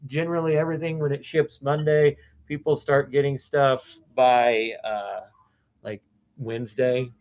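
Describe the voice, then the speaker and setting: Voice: medium pitch, steady tone, unhurried, a little mellow. A card seller from Missouri, hosting a live-stream card break and rattling off player names with chatty, self-correcting asides.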